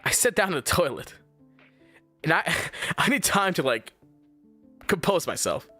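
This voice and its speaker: A young man, a streamer, telling a story as a casual, exasperated rant full of swearing. He swings between his high voice and deep mock tones. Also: big pitch swings, measured pace, pushed and bright, soft background music.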